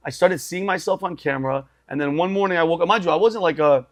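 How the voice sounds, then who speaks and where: A man in his forties tells his story on a podcast, his voice sitting a little high. He talks emphatically, circling back over his words and dropping "bro" and "dude" as he goes. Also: quick pace. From Assyrian family. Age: 40s. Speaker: guest.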